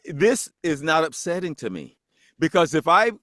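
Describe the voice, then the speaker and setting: Man, podcast guest, casual storytelling, acts out quoted voices, very lively pitch, dry sound. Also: moderate pace, no echo.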